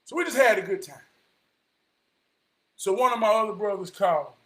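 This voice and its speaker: A man giving a motivational talk in a preacher-like cadence, swinging from hushed words to shouting. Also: sits high, expressive, brisk. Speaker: motivational vlogger.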